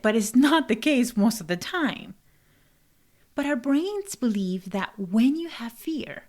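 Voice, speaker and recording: A woman's voice: on the high side, a little mellow. A woman hosting a podcast in a casual monologue, speaking English as a second language with an accent, laughing and sometimes dropping to a whisper for emphasis. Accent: non-native English accent. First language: not English. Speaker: podcast host and life coach.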